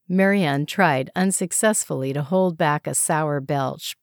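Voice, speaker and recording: A woman narrating a novel aloud in a measured, even way. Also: sits low, no room sound, studio quality. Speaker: audiobook narrator. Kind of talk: scripted narration.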